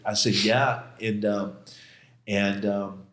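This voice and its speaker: A man's voice: fairly low pitch, little pitch movement, takes it slowly, fairly bright tone. Emphatic man telling his story, roomy sound. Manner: emphatic, casual, slangy, re-enacts his own outbursts. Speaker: podcast guest. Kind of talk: personal storytelling in a conversational interview. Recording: roomy echo.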